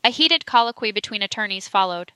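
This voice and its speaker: A woman narrating an audiobook reading of a historical trial report, steady and even. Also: medium pitch, fairly quick, clear, resonant tone, no echo.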